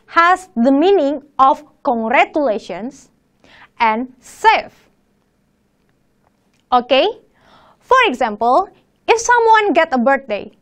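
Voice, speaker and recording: A woman teaching a language course online, animated and repeating questions to her viewers. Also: high voice. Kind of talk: online lecture.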